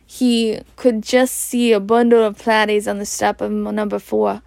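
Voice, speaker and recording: A woman with a Scottish accent reading a storybook aloud in Scots, slowly and evenly, with some slips and restarts. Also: medium pitch, vocal fry, dry recording. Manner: slow, even, with slips and restarts. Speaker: reader.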